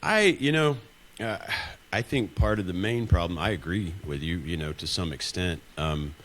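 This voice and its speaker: A man, co-hosting a casual talk and musing in a slow, drawling, laid-back way. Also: deep voice, fairly bright tone. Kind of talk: casual conversation.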